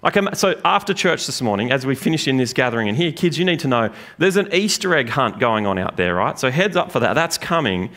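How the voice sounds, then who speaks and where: A man preaching a sermon in a church, lively and joking with the congregation. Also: medium pitch, brisk, hardly any pauses. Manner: lively, animated preaching with jokes. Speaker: pastor. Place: church gathering room.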